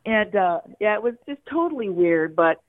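A radio caller shares a personal story through laughter and tears, often starting over, heard on a tinny phone line. She has a mid-range voice with lively intonation and a moderate pace, with no echo.

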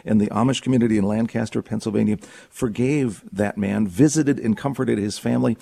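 A man's voice: on the low side, creaky, a little mellow, slightly rough, no echo. A man co-hosting a radio talk show, telling a story to the guest in conversation. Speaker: radio co-host.

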